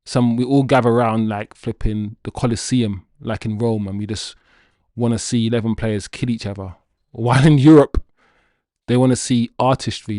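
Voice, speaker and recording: A man's voice: medium pitch, moderate pace, dry recording, studio quality. A man hosting a football livestream, chatting casually and playfully with his viewers and reading their comments aloud. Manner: animated, playful, addresses chat directly. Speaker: football channel host reading chat.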